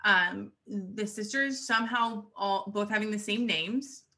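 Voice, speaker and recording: Bright-voiced woman, blunt and casual. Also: mid-range voice, a little slow. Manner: blunt, swears casually, hesitant with ums. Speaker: podcast co-host. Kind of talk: casual chat.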